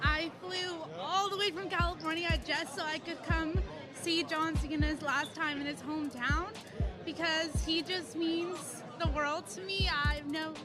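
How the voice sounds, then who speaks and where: A woman fan speaking excitedly and near tears in a short interview. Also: extremely high pitch, a little slow. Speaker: fan giving a tribute. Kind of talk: emotional vox-pop interview. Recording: loud crowd and music behind.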